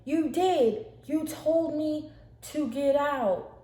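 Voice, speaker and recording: A woman's voice: mid-range voice, moderate pace, mellow, natural voice. Woman playing a frightened young woman, tense and pleading, echoey room. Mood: scared, fed up. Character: scared young woman trying to stay calm. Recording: echoey room, faint hiss.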